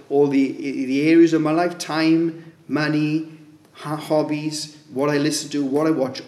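A man's voice: on the high side, a little mellow. A man preaching a sermon in a conversational way, asking his listeners rhetorical questions. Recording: echoey room.

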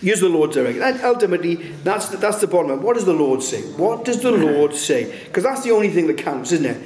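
A preacher talks through a sermon in a conversational way, tagging his points with rhetorical questions. His voice sits a little high for a man. It rings through a roomy, echoing space. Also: very animated, quick pace, darkish tone. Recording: roomy echo.

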